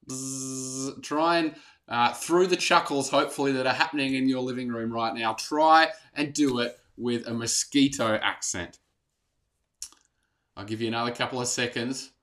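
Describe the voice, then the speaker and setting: A man's voice: mid-range voice, pushed and bright. A man preaching a casual, encouraging online sermon to a church in lockdown. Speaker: pastor.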